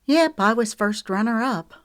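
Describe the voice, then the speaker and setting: A woman's voice: fairly high pitch, animated, normal speed, dry recording, clean studio sound, voice pushed up, natural voice. A woman voicing a flustered, self-conscious young woman. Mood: embarrassed.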